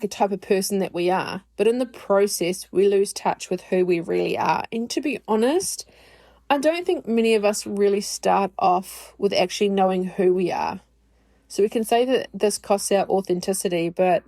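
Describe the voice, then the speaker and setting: A woman hosting her own podcast, speaking in a personal, reflective monologue. She talks candidly and in a chatty way, often joking at her own expense. Her voice sits at an ordinary middle pitch. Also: mellow. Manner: candid, chatty, self-deprecating. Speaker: podcast host.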